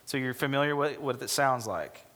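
A man's voice: mid-range voice, normal speed, a bit bright. Emphatic male pastor preaching in a reverberant hall. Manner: emphatic, acts out quoted dialogue. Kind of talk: sermon.

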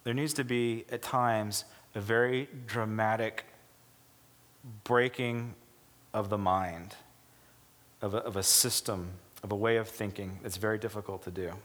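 A man's voice: fairly low pitch, steady tone, unhurried, fairly bright tone, big-room sound. A man preaching a sermon as pastor, talking emphatically and acting out the voices in the stories he tells. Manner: emphatic, acts out quoted dialogue.

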